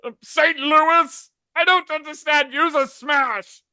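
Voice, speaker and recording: A man doing a flustered, squeaky All Might. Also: steady tone, slow, sharp tone, dry recording, heavily acted. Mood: puzzled. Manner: confused, stammering, polite. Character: flustered, bewildered grown male superhero.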